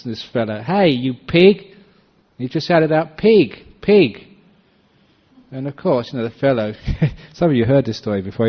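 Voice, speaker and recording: Storytelling monk on a dull recording. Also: male voice, medium pitch. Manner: anecdotal storytelling, often laughing. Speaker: Buddhist monk. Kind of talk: dharma talk.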